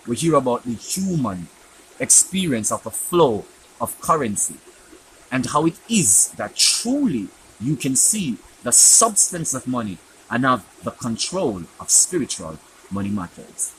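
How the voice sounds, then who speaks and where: A man delivering a spiritual teaching in a storytelling way, his voice sitting at an ordinary middle pitch. He turns animated and acts out conversations, with faint noise under the recording. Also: measured pace, low-quality recording. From Jamaica. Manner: animated, acts out dialogue with sharp jumps in pitch. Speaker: spiritual teacher and program host.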